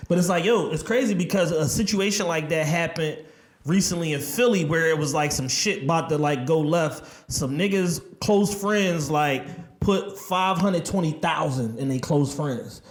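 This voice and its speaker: A man telling a story in relaxed, casual podcast chat. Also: a little high, moderate pace. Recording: roomy echoey studio.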